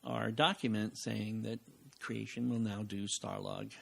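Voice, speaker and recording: An older man, a podcast guest recorded at home, telling animated anecdotes, acting out the voices of people he quotes and laughing often. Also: on the low side, a little slow, creaky. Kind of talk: casual anecdotal storytelling.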